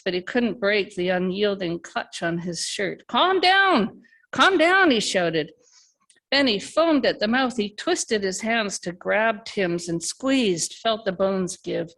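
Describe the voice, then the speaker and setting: Woman reading her story out at an open mic, gravelly, steady pace. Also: medium pitch. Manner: steady, measured narration. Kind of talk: reading her fiction aloud. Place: live reading event, remote by video call.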